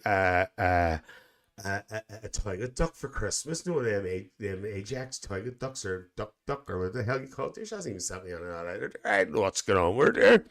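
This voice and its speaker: Man doing a gossipy older aunty, camp chatter, cackling laughs, shrill squeals, live-stream chat in character. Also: a bit bright, natural voice. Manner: bursts into shrill high exclamations.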